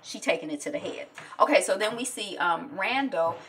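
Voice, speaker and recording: A woman's voice: medium pitch, lively intonation, brisk, a bit bright, distant mic, a little hiss or hum. A woman giving a casual, chatty episode recap, acting out the characters' lines as she goes. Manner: chatty, acts out lines from scenes. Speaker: TV recap vlogger.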